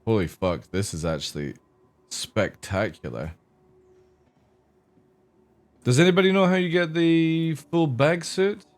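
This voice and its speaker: A man's voice: a little high, very animated, normal speed. A man livestreaming a game, chatting casually with viewers in a crude, joking, rambling way. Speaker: gaming streamer. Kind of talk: casual live-stream chat.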